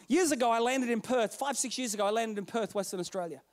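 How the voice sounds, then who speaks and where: Male preacher, very high pitch, sermon storytelling, dynamic loud-soft delivery. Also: quick pace. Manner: storytelling, swings between loud and hushed.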